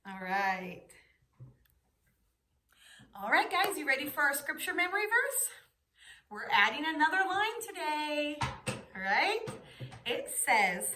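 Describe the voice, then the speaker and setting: A woman's voice: high voice, big pitch swings, a little slow, pushed and bright. A woman teaching young children, patiently asking questions and giving the answers. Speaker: preschool teacher.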